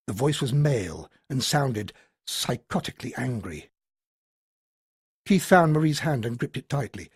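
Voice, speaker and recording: A male audiobook narrator telling a tense science fiction scene with dramatic expression. His pitch moves in a lively way, and his voice has a slight husky edge. The recording sounds dry and close. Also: measured pace, dry recording. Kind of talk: scripted narration.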